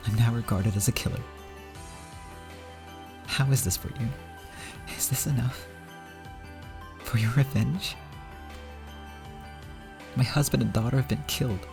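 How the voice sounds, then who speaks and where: A man's voice: medium pitch, unhurried, vocal fry, long pauses, over music. A man reading aloud as a proud middle-aged woman, bitter and anguished, accusing and then pleading. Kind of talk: reading a visual novel aloud.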